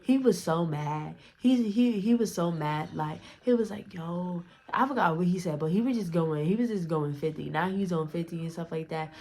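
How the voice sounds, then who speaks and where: A woman's voice: on the low side, moderate pace, hardly any pauses, darkish tone. A young woman telling a story to her vlog audience in a casual, profane, rambling way, restarting her sentences often. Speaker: storytime vlogger.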